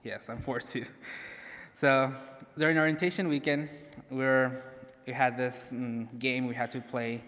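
A man's voice: mid-range voice, little pitch movement, unhurried, fairly bright tone. A young man, a graduating student, giving a personal speech to an audience; he is nervous, laughs at himself often and says "like" a lot. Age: young adult. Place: large hall. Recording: hall reverb.

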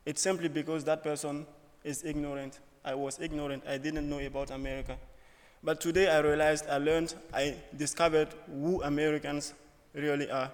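Speaking at normal speed, a young student with a fairly high voice and little pitch movement tells a personal story in a reverberant auditorium hall. His style is earnest and humorous, with short phrases.

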